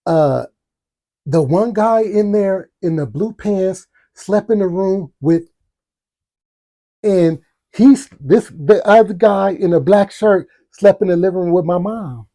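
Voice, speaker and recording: A chatty little boy with a high, eager voice, blurting out whatever he thinks, as a man puts him on. The voice sits far above the storyteller's own and stays soft. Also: takes it slowly.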